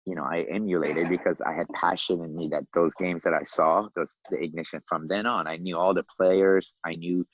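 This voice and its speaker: A man in his fifties from Iran, a podcast guest telling his life story in a lively, animated way, often laughing and acting out the voices of other people. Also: low-pitched, a little fast, few pauses, husky, dry recording, highs cut off. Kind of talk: casual storytelling.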